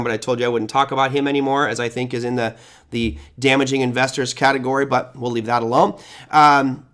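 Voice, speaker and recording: A man's voice: fairly high pitch, fairly bright tone. A man hosting a finance show, giving sarcastic, emphatic opinionated commentary. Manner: sarcastic, emphatic, reads along from notes.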